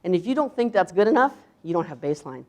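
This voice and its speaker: A woman's voice: fairly low pitch, very animated, fast, darkish tone. A woman chef giving a conference talk, emphatic, asking the audience rhetorical questions and acting out quoted voices. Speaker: chef presenter.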